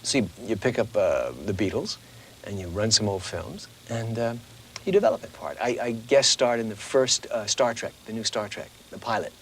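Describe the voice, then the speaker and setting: A middle-aged man with a fairly low voice, a voice actor guest in an interview, chats at a moderate pace with animated, casual energy. As he spins stories he slips into little voices, and there's slight background noise.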